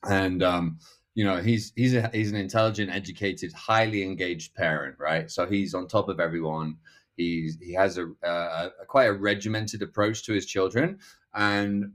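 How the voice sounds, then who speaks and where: Man, very low voice, middle-aged, podcast guest, rambling, restarts sentences. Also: a bit bright. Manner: rambling, many restarts and fillers; acts out other people's lines in quoted voices. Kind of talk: casual conversational interview.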